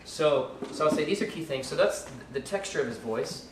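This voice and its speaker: A man's voice: fairly high pitch, expressive, normal speed. A man teaching a live class in a loose, rambling way, with many restarts and fillers and jokes for the listeners. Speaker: ministry school teacher. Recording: echoey room, mic at a distance, faint background noise.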